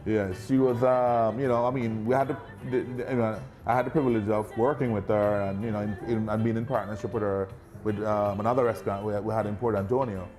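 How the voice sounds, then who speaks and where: A man talking casually as an interview guest, relaxed, full of fillers, and quick to laugh. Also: lowish voice, soft background music.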